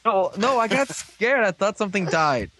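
A man's voice: sits high, big pitch swings, moderate pace, crowd noise. A man on a casual voice-call podcast, recapping an episode in a rambling way and acting out the characters' lines. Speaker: podcast host recapping a show. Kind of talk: casual chat over a voice call.

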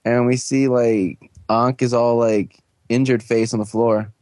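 A man's voice: level tone, darkish tone, no room sound. Chatty man rambling through a recap. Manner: rambling, frequent "like" and "um", puts on quick high voices for characters. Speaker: podcast host recapping a show. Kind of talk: casual recap chat.

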